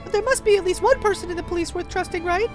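Bubbly teen schoolgirl, high and chirpy, game dialogue. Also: quick pace, music in the background. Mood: eager. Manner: eager, chirpy reading.

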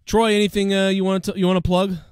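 A man's voice: high-pitched, quick pace, smooth, no room sound, studio quality. A man with a Boston accent hosting a casual podcast chat, rambling and swearing freely. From Boston area, USA. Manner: profane, rambling, excitable. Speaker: show host.

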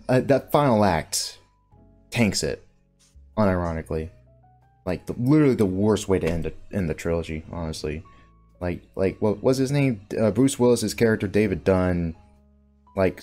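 Podcast host, male, rambling casual delivery with lively swings in pitch; faint music underneath. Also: normal speed. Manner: rambling, animated, swears casually.

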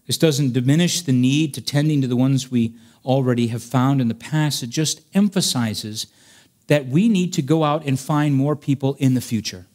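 A man preaching a sermon as a pastor, earnest, swinging between emphatic raised passages and quiet storytelling. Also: mid-range voice, moderate pace. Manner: earnest preaching, rising to emphatic peaks, dropping soft for stories.

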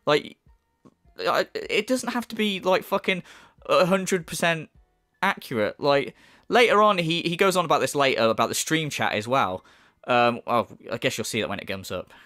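Mocking man, lively pitch. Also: moderate pace, faint music behind. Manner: mocking, swearing, laughing. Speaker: YouTuber responding. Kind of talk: casual commentary.

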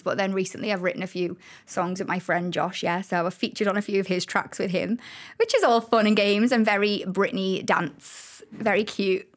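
A young woman with a Liverpool accent, chatting as a podcast guest and telling stories in a lively, animated way. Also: medium pitch. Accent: Scouse (Liverpool). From Liverpool, England. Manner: animated, chatty storyteller with laughs. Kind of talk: casual podcast chat.

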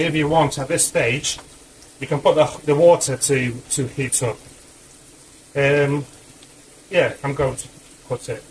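Slow-talking breathless home cook, a man. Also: medium pitch, slight background noise, low-quality recording. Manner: chatty, rambling asides. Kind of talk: casual cooking commentary. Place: home kitchen.

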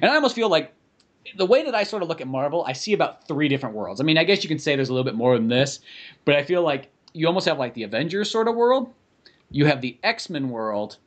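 A man's voice: fairly high pitch, big pitch swings, fast. A man co-hosting a podcast in casual chat, rambling and swearing freely. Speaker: podcast co-host.

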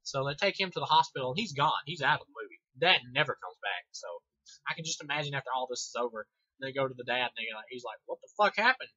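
A man's voice: mid-range voice, lively intonation, fast talker, sharp tone, breathy edge, no room sound. Profane sarcastic young guy reviewing. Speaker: movie reviewer. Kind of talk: casual movie review. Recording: dull lo-fi home recording.

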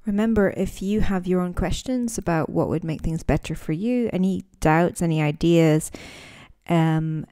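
A woman's voice: on the low side, moderate pace, mellow, smooth. A woman who is a native English speaker and teacher, hosting a casual podcast lesson, talking thoughtfully with frequent restarts and fillers.

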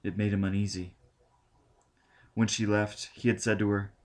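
Man, audiobook narrator, steady measured reading, lowish voice. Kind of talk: scripted narration.

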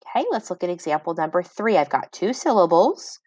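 A woman teaching a phonics lesson to children, sounding out each part of a word slowly. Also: on the low side, very animated, no room sound. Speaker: reading teacher.

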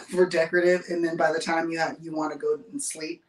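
A woman's voice: sits low, flat delivery, a little fast. A woman hosting a casual livestream from a bedroom, chatting with viewers and laughing often as she reads their comments. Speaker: livestream host. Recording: roomy sound from a distance.

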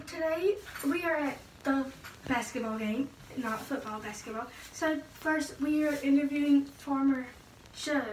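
High bubbly young woman, echoey. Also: slight background noise. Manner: giggly, bubbly, hyper. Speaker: comedy sketch performer. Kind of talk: playful sketch acting. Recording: echoey room from a distance.

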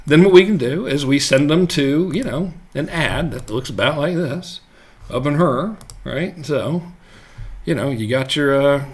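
A man's voice: fairly high pitch, lively intonation, unhurried. A man coaching viewers on marketing in a casual live stream, loose and jokey, with lots of fillers and check-ins.

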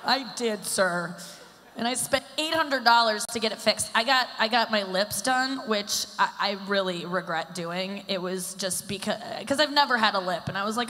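On a live event stage, a stand-up comedian in her thirties rambles self-deprecatingly, filling her lines with "like." Her mid-range voice is bright and sharp, and her delivery is animated at a moderate pace. The long reverb of a large hall rings around her.

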